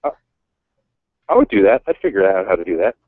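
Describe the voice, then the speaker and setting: A man's voice: sits low, very animated, a little fast, dry recording. A man joining a casual sports podcast, easygoing and repeating his words as he talks. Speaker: podcast co-host. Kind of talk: casual chat. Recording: tinny phone line.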